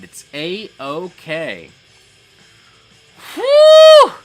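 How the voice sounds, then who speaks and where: A man's voice: high voice, bright, forceful tone. A man hosting a casual livestream, reading chat messages aloud and reacting with frequent swearing.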